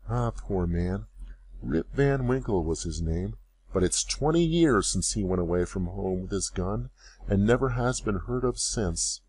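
A man voicing a young mother who speaks softly and sadly about her lost father. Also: lowish voice, expressive, measured pace, slight background noise. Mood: sorrowful. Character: young mother, grown daughter, gentle and sorrowful.

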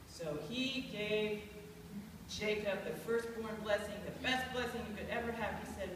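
A woman's voice: mid-range voice, normal speed. Brief: woman clown playful live storyteller, echoey hall, far mic, noisy. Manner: playful, animated, laughs between lines. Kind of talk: live storytelling performance for children.

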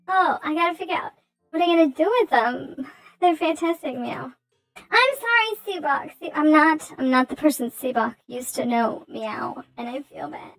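A woman doing a squeaky meowing cat-girl. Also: animated, measured pace, fairly bright tone, faint music behind, heavily acted, low-quality recording. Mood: silly. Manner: tacks meows onto sentences, giggly. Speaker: streamer. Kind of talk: casual livestream chat.

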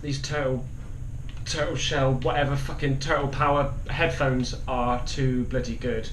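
A man's voice: medium pitch, measured pace, fairly bright tone, a little hiss or hum. A young man panicking and swearing while commentating a horror game, yelping and repeating himself in fear. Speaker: gaming YouTuber. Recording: echoey room with faint ambience.

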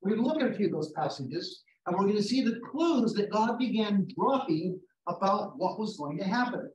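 A man leading an interactive Bible study, reading scripture slowly and putting questions to his class. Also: high voice, lively intonation. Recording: roomy, distant mic, faint noise.

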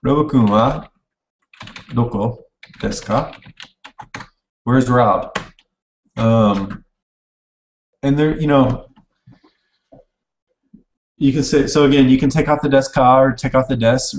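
A man's voice: mid-range voice, slow pace, pauses often, a little hiss or hum. Man teaching casually in an echoey room. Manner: casual, self-correcting, types while explaining. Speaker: online language teacher. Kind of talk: informal recorded lecture. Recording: echoey room, mic at a distance.

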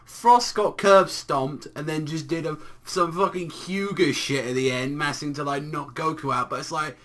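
A young man riffs on an anime episode in a loose, exasperated rant, swearing freely. His voice sits a little high and sounds bright and forceful. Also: fairly even intonation, moderate pace, few pauses. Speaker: anime reviewer. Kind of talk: casual reaction rant.

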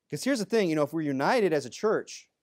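A man's voice: on the high side, a little mellow. A man preaching in a church in a loose, conversational way, with good-humored asides. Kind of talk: conversational sermon.

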